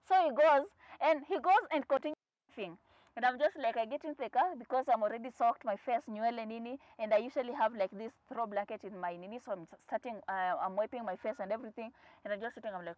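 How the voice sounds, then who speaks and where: A young Kenyan woman vlogger tells stories to camera in a bright, slightly raised, fairly high voice, talking fast and mixing English with Swahili while acting out the people in them. The audio is dry, close, a little muffled, with no room sound or echo.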